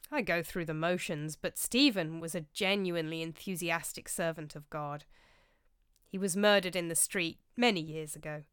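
A woman voicing a calm, worldly medieval priest who tells his tale in a measured way. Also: lowish voice, clear, resonant tone, dry recording, clean studio sound, natural voice.

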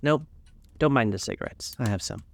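A man voicing a gentle, troubled painter in a storybook reading, speaking hesitantly and gravely. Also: medium pitch, lively intonation, brisk.

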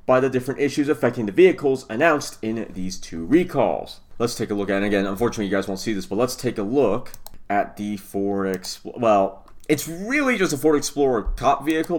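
A man's voice: expressive, brisk. A man hosting a car news show, reading headlines and recall details with casual asides and spelling rants, tripping over names now and then. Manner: stumbles over names and rants with rising pitch.

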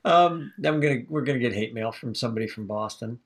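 A man co-hosting a casual film podcast, animated and quick to laugh, often acting out what others said. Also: mid-range voice, breathy edge. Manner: animated, laughs and acts out quoted voices. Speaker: podcast co-host reviewing films. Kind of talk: casual chat.

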